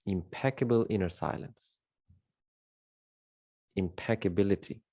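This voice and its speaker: Deep-voiced man, dry close sound. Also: unhurried, dark tone, no echo. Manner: emphatic, repeats key words, rambling with fillers. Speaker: spiritual teacher. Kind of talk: unscripted spiritual monologue.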